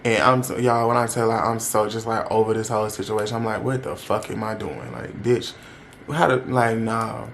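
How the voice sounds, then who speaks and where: A man's voice: fairly low pitch, moderate pace, vocal fry, a bit bright, a little hiss or hum. A young man telling a personal story in a casual, candid vlog. He talks to his viewers directly and uses plenty of slang. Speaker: vlogger.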